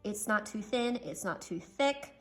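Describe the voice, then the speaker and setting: A woman's voice: medium pitch, animated, unhurried, a bit bright. A young woman chatting casually through a pen review, gushing and making self-deprecating asides. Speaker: stationery reviewer.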